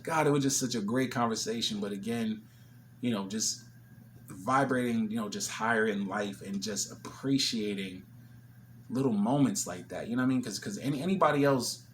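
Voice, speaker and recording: A man's voice: on the low side, moderate pace, a little hiss or hum. A man vlogging, casually telling an emotional story and retelling a conversation line by line. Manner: emotional, retelling a conversation with quoted back-and-forth.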